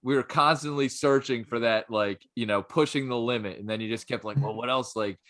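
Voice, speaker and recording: A man's voice: mid-range voice, fairly quick, fairly bright tone. A man co-hosting a podcast in casual chat, rambling and peppering his talk with "like". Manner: rambling, full of "like" and restarts. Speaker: podcast co-host.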